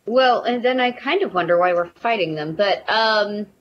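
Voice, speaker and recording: A woman playing in a tabletop game, declaring her actions hesitantly, with many pauses. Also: medium pitch, expressive. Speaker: player. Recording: dull lo-fi audio with faint noise.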